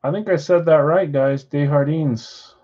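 Speaking at a normal pace in a mid-range, slightly mellow voice, a man hosts a home card-break livestream and reads out viewer comments in a casual way. The audio is lo-fi, recorded in a house with a floor above.

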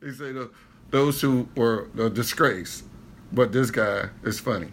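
A man's voice: mid-range voice, unhurried, over loud music. A man hosting a reaction video, chatting casually and bluntly critiquing a comedy clip. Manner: blunt, animated critiquing banter.

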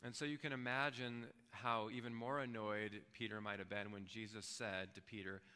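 A man pastor preaching a sermon in a relaxed, conversational way, often checking in with his listeners. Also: on the low side, moderate pace, hardly any pauses, clean tone, long reverb tail. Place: church sanctuary.

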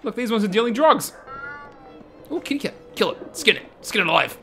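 A man's voice: sits high, big pitch swings, fast talker, a little hiss or hum. A man giving profane, mocking let's-play commentary with lots of laughter. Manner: loud, crude, mocking, frequent laughter. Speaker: gaming YouTuber.

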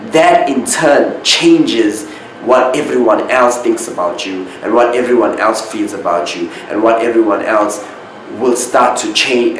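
Male spiritual host, unhurried monologue, emphatic repeats, boomy room with faint background hiss. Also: very echoey, low-quality recording. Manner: slow, drawn-out, repeats key words for emphasis.

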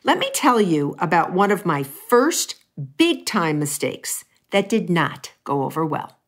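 Middle-aged woman chef, fairly low voice, playful storyteller who talks to the viewer. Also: sing-song, measured pace. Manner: playful, chatty, asides to the listener. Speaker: pastry chef. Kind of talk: humorous personal storytelling.

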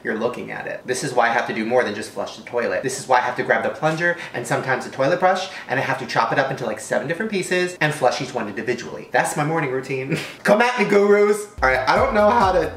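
A man's voice: medium pitch, quick pace, hardly any pauses. Swearing, rambling man in an echoey room. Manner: crude, rambling, swearing, animated jokes. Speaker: vlogger. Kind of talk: casual comedic food-tasting vlog.

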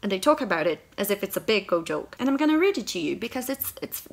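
Young woman, book vlogger, sarcastic angry rant, swearing, lively delivery. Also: mid-range voice, fast talker, creaky, husky.

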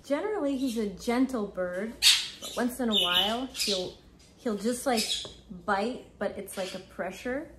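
A woman's voice: on the high side, animated, a little slow. Playful woman vlogging with her parrot. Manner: playful, coaxing, sing-song when talking to the bird. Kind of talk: casual home vlog talk. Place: home, near a birdcage. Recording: loud background noise with bird sounds. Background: birds squawking and chirping.

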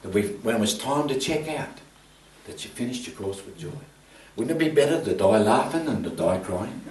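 An older man, preaching an animated sermon that he tells as a story, laughing as he goes. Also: medium pitch, moderate pace. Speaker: pastor. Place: church. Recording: roomy church sound from a distant mic.

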